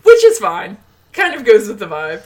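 A woman co-hosting a casual movie chat, sarcastic and quick to laugh. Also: mid-range voice. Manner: animated, laughing, sarcastic asides. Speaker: podcast co-host.

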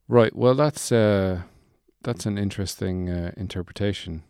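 A man interviews in a deadpan comedy style, with dry and skeptical questions. His voice sits low. The recording is close with no room echo. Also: moderate pace, clean tone.

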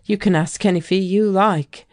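A woman's voice: medium pitch, steady tone, normal speed, darkish tone, no echo, studio quality, voice pushed up, lightly acted. Genial bank president, as a woman reads him. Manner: genial, reassuring.

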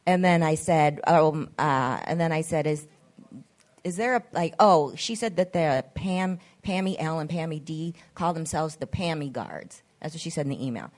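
Lady podcast host rambling through a story, slightly low voice, does everyone's voices. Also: moderate pace. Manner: animated, acts out quoted voices, swears freely. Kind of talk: casual storytelling chat.

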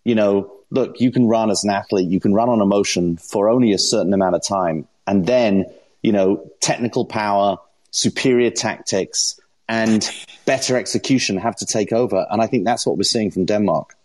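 A man co-hosting a football podcast who makes his points in an earnest, measured, analytical way. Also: on the low side, a little mellow. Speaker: podcast co-host.

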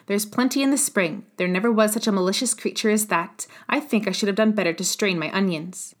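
A woman's voice: mid-range voice, a little fast, close to an everyday voice. A woman voicing a harsh, bullying female innkeeper who barks orders in a storybook reading. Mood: scolding. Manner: scolding, barking orders.

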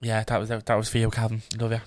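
Fast-talking young Irish man. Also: fairly low pitch. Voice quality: swears freely, animated storytelling. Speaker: podcast co-host. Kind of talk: casual chat.

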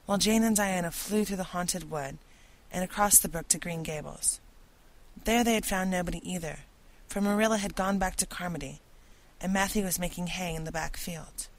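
Woman, audiobook narrator, fairly low voice, steady storytelling. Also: low-quality recording. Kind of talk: scripted narration.

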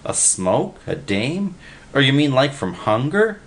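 Male reader doing a breathless, wide-eyed tagalong, high and shrill. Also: sing-song, measured pace. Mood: pestering. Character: excitable simple-minded young man, pop-eyed.

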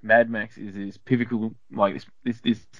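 A man's voice: on the low side, little pitch movement, normal speed, fairly bright tone, no room sound, muffled recording. A man appearing as a podcast guest, speaking in rambling, hesitant casual chat full of restarts.

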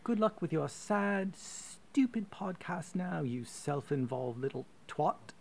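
A man voicing a posh, gentle-seeming stepmother with a British accent in a comic podcast story. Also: high-pitched, expressive, slow, creaky, heavy background noise, voice pushed up, exaggerated voice. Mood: scornful. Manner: gentle, then suddenly vicious.

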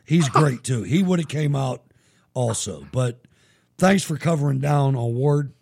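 A middle-aged man hosting a live show, telling profane, animated stories in casual chat. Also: mid-range voice, a little slow, vocal fry, slightly rough. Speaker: show host.

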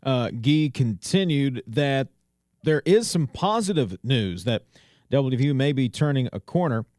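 A man's voice: medium pitch, animated, a little mellow, dry recording. Dry-voiced male radio news host. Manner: measured delivery with frequent uh fillers. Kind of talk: news recap.

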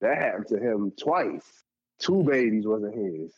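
Male storyteller, casual, very lively intonation with high-pitched quoted voices, slightly muffled lo-fi audio. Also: unhurried, breathy edge. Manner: animated, acts out quotes in a high voice. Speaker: podcast co-host telling stories.

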